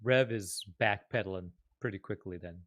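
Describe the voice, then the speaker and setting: A man's voice: deep voice, moderate pace, a bit bright, lo-fi sound. A man playing a tabletop role-playing game, describing his character's actions in a hesitant way. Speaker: player.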